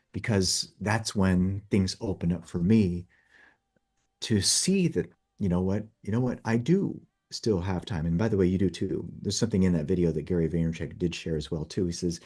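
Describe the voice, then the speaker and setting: A man in his fifties talks in an earnest, storytelling way, coaching the listener toward a fresh start. His voice sits low and has a husky edge. He often turns to address the listener directly. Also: mellow. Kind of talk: motivational talk.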